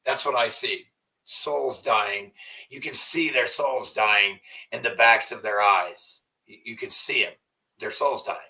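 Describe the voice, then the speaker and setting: A man's voice: mid-range voice, measured pace, sharp tone, far from the mic, rough recording. A man hosting a livestream in a rambling, profane way, often trailing off into mumbles. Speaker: livestream host. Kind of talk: casual livestream rant.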